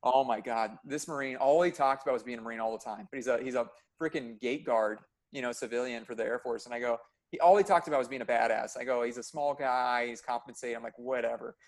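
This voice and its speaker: A man's voice: mid-range voice, fast, darkish tone. Intense, blunt-talking man. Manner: intense, blunt, swears freely. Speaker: medical practitioner. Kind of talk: casual podcast chat.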